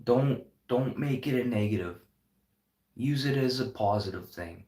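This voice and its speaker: A man's voice: medium pitch, a little slow, darkish tone, roomy sound. A man who owns a restaurant, giving an earnest, impassioned and heavily profane talk to the camera. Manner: earnest, heavy swearing, impassioned. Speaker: restaurant owner. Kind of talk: unscripted motivational vlog talk.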